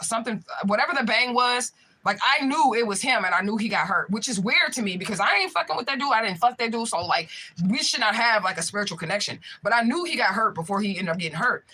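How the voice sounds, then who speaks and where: A speaker telling a personal story in a casual vlog, swearing often and slangy, constantly checking in with the listener. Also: medium pitch. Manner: profane, animated, slangy storytelling. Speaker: spiritual reader telling a story.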